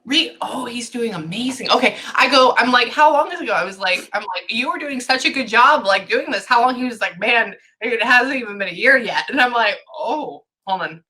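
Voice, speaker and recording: A woman's voice: on the high side, expressive, a little fast, few pauses, sharp tone. A woman giving a psychic reading to a client, thinking aloud and stopping herself with "hang on" over and over. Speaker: psychic medium.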